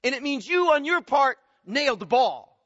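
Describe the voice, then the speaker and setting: Bright, high-voiced man preaching in a hall. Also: big pitch swings, normal speed. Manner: swings from quiet explaining to loud emphatic bursts. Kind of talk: expository sermon. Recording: muffled sound with long hall reverb.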